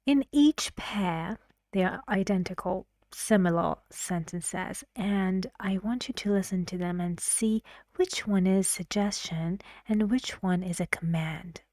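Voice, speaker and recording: A woman's voice: medium pitch, a little slow, a little mellow, dry recording, clean studio sound. A woman teaching an English pronunciation lesson, explaining patiently and asking the learners questions.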